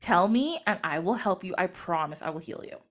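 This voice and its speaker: Firm young goddess, casual and blunt, done by a woman in her own voice, lively. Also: on the low side, a little fast. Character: kind but firm young goddess, no-nonsense.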